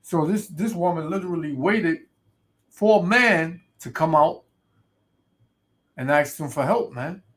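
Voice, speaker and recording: A ranting male street preacher with a slightly raised pitch. He stretches out scripture verses slowly and loudly, then fires off asides that keep ending in "man" and "right". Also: lively intonation. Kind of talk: ranting sermon video.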